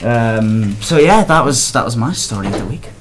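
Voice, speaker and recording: A man's voice: mid-range voice, expressive, normal speed. A man, a co-host telling a story in a rambling, hesitant, wry way. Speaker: co-host, journalist. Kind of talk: casual storytelling. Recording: noticeable background noise.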